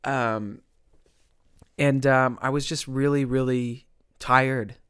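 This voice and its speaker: Young guy telling his recovery story, halting and earnest, smooth voice, dry close mic. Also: mid-range voice, fairly even intonation, a bit bright, no echo. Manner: earnest, halting, many restarts and repeated words. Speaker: podcast guest.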